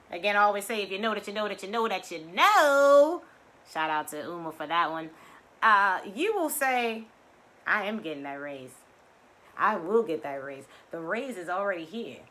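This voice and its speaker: This woman's voice is a little high with a sharp tone. As an affirmation and mindset teacher running a weekly online session, she leads guided breathing and a motivational talk live, effusive and chatty and saying "you know" constantly.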